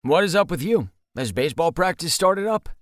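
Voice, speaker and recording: A man's voice: a little high, animated, moderate pace, dry recording, studio quality, pitched above the performer's own voice, lightly acted. A man voicing a young man, an easygoing friend who teases his buddy in an audiobook. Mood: teasing.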